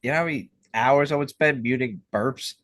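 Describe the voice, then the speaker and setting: A man's voice: medium pitch, a little fast, a bit bright, no echo. Joking, laughing male podcast co-host. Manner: joking, laughs often, swears. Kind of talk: casual podcast banter.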